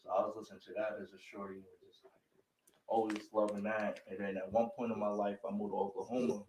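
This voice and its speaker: A man's voice: on the low side, little pitch movement, fast talker, a little mellow, echoey room, slight background noise, poor audio. A young man talking casually as a guest in an interview, laid-back and peppering his talk with "you feel me". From northern Illinois. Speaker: guest rapper.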